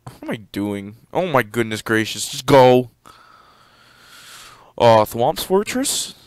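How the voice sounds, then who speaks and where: A teenage boy casually commenting on a game he plays, given to sudden loud excited outbursts. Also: slow pace, smooth, no echo. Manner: excitable, jumps into loud high-pitched outbursts. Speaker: gameplay commentator. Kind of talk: casual let's-play commentary.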